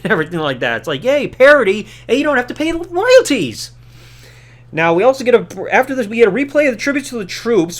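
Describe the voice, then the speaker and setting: A man with a high, bouncy voice whose pitch swings widely. He recaps an old wrestling show like a podcast host, casual and sarcastic, tossing in mocking asides.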